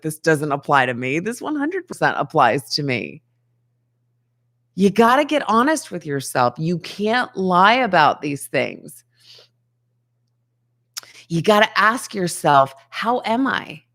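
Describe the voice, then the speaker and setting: A woman's voice: lowish voice, a bit bright. A woman hosting a daily self-help show, talking earnestly to the camera, asking rhetorical questions and laughing between points. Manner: earnest, conversational, asks many rhetorical questions. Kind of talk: motivational talk to camera.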